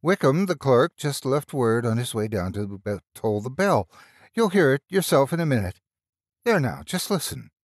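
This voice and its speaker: Gossipy older housekeeper woman, high and fluttery, agitated, man doing her; storybook. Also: sing-song, normal speed, no room sound, studio quality. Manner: breathless, agitated and chattering. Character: flustered elderly village housekeeper woman, gossipy.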